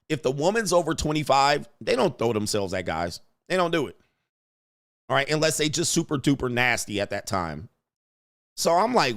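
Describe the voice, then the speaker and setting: A man's voice: mid-range voice, fairly bright tone. Joking man reading donor messages. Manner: loose and joking, reads donor messages aloud, laughs often. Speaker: live stream host. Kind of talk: casual live-stream commentary.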